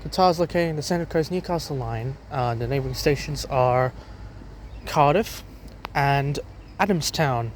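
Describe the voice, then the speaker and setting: A man's voice: mid-range voice, normal speed, a little hiss or hum. A young Australian man vlogging about trains, rambling outdoors on a station platform with fillers and restarts, a lozenge in his mouth. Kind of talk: casual walking commentary.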